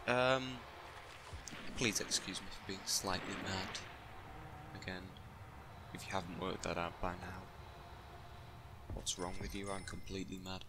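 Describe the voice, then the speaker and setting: A man's voice: lowish voice, slow, pauses often. A man giving casual, jokey gameplay commentary, rambling self-mocking asides to himself. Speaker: let's play gamer. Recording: steady background noise.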